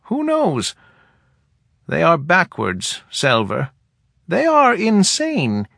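A man's voice: a little high, huge pitch swings, drawn-out words, gravelly, fairly bright tone, dry recording, studio quality, pitched above the performer's own voice, full character voice. A man voicing the scornful elder woman who leads a small forest people, in a mocking, incredulous tone. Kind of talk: audiobook character voice.

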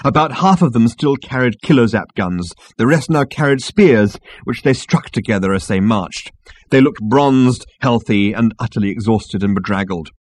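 A man's voice: mid-range voice, normal speed, no room sound. A man narrating an audiobook expressively and voicing the characters. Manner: lively, voices characters.

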